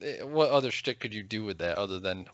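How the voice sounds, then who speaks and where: A man's voice: lowish voice, expressive, fast talker, no room sound. A man co-hosting a casual podcast chat, rambling with fillers and crude swearing. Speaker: podcast co-host. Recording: dry, dull podcast mic.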